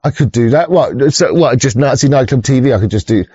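Mellow sweary man streaming. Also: medium pitch, expressive, a little fast, slightly rough, no echo, lo-fi sound. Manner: sweary, stop-start, chuckling, greets chatters. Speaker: livestream host. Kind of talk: rambling casual livestream chat.

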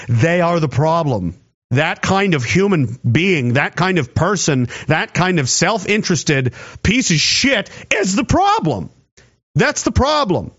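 In a sarcastic political rant, a man from Canada speaks at a measured pace in a slightly high, sing-song, fairly bright voice. He mocks others by imitating their voices, and the recording is dull and lo-fi.

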